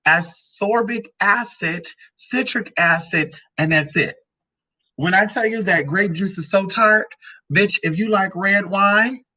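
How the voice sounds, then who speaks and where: A woman's voice: fairly low pitch, pushed and bright, husky, rough recording. A transgender woman vlogging casually about drinks and food, sassy and profane, rambling from one tangent to the next. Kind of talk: casual product-review vlog.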